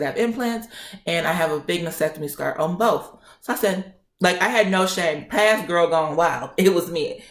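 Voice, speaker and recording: A woman in her twenties telling a personal story in a feisty, animated way. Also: sits low. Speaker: vlogger. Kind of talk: casual storytime. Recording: roomy echo.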